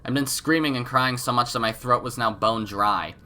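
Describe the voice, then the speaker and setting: A man's voice: medium pitch, moderate pace, pushed and bright. A man with a cold, hosting a let's play, reading game narration aloud with casual joking asides. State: has a cold.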